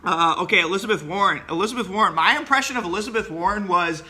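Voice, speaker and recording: A man talks to his class in loose, casual commentary, blunt and opinionated, circling back with fillers and false starts. His voice sits high for a man and has a very sharp, cutting edge. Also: fast. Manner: rambling, many fillers and restarts; blunt, opinionated, laughs at his own jokes. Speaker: professor.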